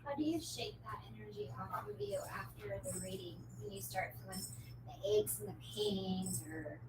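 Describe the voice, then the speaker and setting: A woman's voice: medium pitch, very animated, normal speed, far from the mic. A woman hosting a casual chat, asking questions and laughing along. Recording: echoey room with noise.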